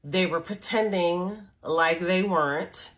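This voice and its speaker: A middle-aged woman with a fairly low voice tells a personal story in a loose, chatty way. She doubles back often and restarts her sentences. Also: slow pace. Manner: chatty, repetitive restarts, acts out quoted voices softly. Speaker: spiritual storyteller and channel host. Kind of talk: casual storytelling to camera.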